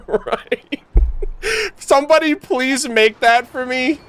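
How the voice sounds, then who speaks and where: Animated young man reacting to a game. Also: very high voice, slow, clear, resonant tone. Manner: animated, laughs often, breaks off to joke with chat. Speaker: streamer.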